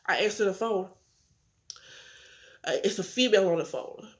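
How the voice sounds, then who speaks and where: She's an eighteen-year-old vlogger speaking directly to viewers in a casual confessional, candid and earnest about her life, upset while holding back tears. She acts out phone calls, using a medium-pitched voice at a moderate pace.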